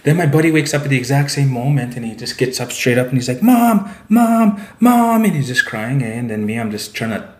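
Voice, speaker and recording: A man's voice: medium pitch, steady tone, fast. Rambling man in an echoey room. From Saskatchewan, Canada. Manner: rambling, tag "eh" and "like" fillers. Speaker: podcast guest, author. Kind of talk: casual storytelling. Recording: roomy echo.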